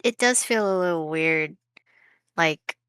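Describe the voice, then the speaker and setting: A woman's voice: fairly low pitch, slow, clear, resonant tone, no echo. A woman co-hosting a live drawing stream, chatting and giggling casually. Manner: chatty, giggly, warm sign-off. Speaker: co-host of an art stream. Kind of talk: casual chat while drawing.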